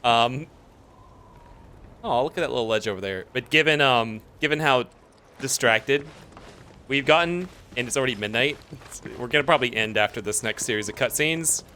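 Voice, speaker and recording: A man's voice: medium pitch, moderate pace, pushed and bright, slight background noise. A man streaming a video game live, chatting casually, easily distracted, reacting to what is on screen.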